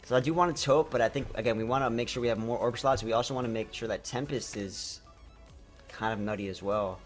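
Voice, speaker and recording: Excitable man streaming a card game. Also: mid-range voice, fast talker, soft background music. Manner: excitable, talks to chat, trips over words. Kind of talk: live gameplay commentary.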